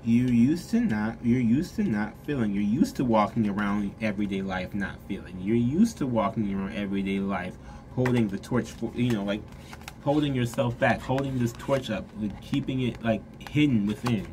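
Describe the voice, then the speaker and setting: Casual tarot reader, mid-pitched, loose and rambly, talking frankly to camera. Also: moderate pace, noisy background. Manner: rambling, filler-heavy talk; frank and direct toward the viewer.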